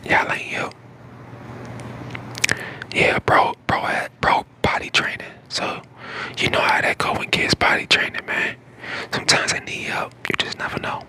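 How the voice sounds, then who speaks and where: A man in his twenties from St. Louis, whispering casual chat to viewers on an ASMR live stream, hoarse from a lost voice. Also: unhurried, long pauses. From St. Louis, Missouri. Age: 20s. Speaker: ASMR creator.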